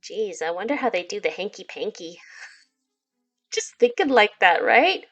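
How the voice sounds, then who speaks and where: A woman's voice: medium pitch, big pitch swings, a little slow, fairly bright tone. Woman, gaming host, casual commentary, chatty, giggly.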